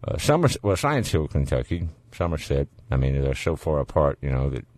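A man's voice: a bass voice, very animated, a little fast, darkish tone, no echo. A man hosting a call-in radio show, chatting casually with callers in an easygoing, joking way and chuckling often.

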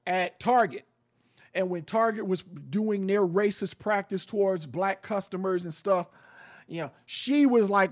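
A man hosting an opinion radio show, talking bluntly and emphatically, with swearing and preaching. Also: high-pitched. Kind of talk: fiery opinion talk.

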